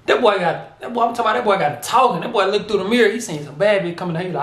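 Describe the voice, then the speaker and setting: A man hosting a music reaction video, talking in an animated, slangy way and calling the artist bro and big homie. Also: sits high, very fast, few pauses, reverberant. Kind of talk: casual reaction commentary.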